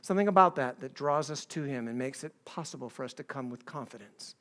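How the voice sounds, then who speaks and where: A middle-aged male pastor giving a conversational sermon, acting out quoted voices and swinging between soft and emphatic delivery. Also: mid-range voice, expressive, quick pace.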